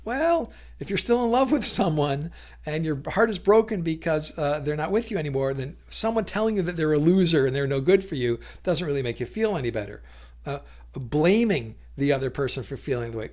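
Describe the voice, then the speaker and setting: A man with a fairly high, expressive voice talks at a normal speed to camera about communication. The talk is casual and thoughtful, peppered with fillers and restarts, and he briefly acts out quoted lines.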